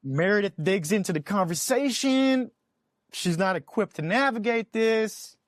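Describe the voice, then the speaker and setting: A man co-hosting a podcast in casual chat, expressive and often repeating words. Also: sits high, unhurried, dry recording, clean studio sound. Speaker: podcast co-host.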